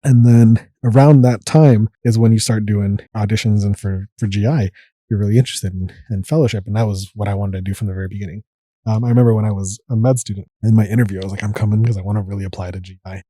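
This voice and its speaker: A man in his thirties tells his story as a podcast guest, talking quickly and acting out what he was thinking back then. His voice sits fairly low and sounds very dark and mellow. The recording is dry and close. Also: dry recording. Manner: animated, acts out his own past thoughts. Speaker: guest, gastroenterology fellow. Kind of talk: casual interview storytelling.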